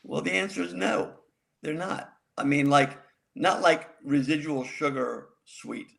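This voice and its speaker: A man's voice: a little high, measured pace, vocal fry, fairly bright tone. A man co-hosting a podcast, giving wry, knowing advice in casual chat. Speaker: podcast co-host.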